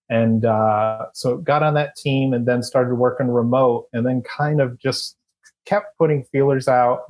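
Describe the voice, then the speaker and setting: A man guesting on a podcast, telling his story in a rambling, relaxed and chatty way. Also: mid-range voice. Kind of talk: casual storytelling interview.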